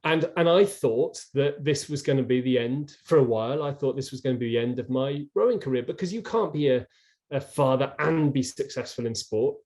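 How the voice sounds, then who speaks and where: A man's voice: mid-range voice, fairly quick, a little mellow. A middle-aged man, a former rower, telling his story earnestly as an interview guest, with many restarts, over a video call.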